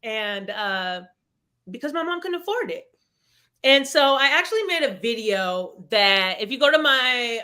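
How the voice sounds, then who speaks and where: Bright-voiced woman in her thirties telling her story. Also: on the high side. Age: 30s. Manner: earnest and reflective, with frequent restarts. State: tearful at moments. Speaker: webinar guest. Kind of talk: personal story in a live webinar.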